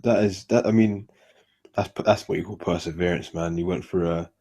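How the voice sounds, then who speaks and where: A man hosts a casual podcast interview in a very deep, husky voice. His tone is dark and mellow. He talks in a laid-back, friendly way and keeps addressing his guest as "man". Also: steady tone, moderate pace. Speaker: podcast host.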